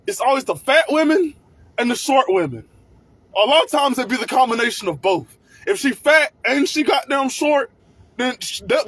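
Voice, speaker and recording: A man hosting a crude, profane comedic rant, often breaking into shouting. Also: very high-pitched, breathy edge, no room sound. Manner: crude, swearing, bursts into shouting.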